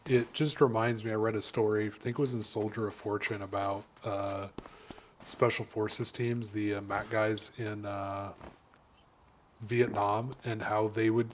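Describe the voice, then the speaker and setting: A man's voice: on the low side, little pitch movement, measured pace, a little hiss or hum. A man chatting while gaming, laid-back, answering with short agreements and telling profane stories. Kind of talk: casual chat while gaming.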